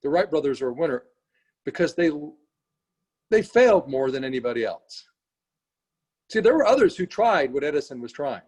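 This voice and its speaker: A man's voice: fairly high pitch, normal speed, long pauses, breathy edge. Earnest man telling a motivational story. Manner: earnest, animated storytelling with frequent "you know" and "right?". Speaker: speaker at a morning team meeting.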